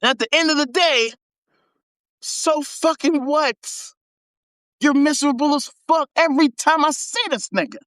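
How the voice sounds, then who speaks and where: A woman with a high voice hosts her own livestream and rants in a blunt, heated way, swearing freely. The sound is dry and close, with no room echo. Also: expressive, unhurried. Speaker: livestream host. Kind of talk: profane casual livestream rant.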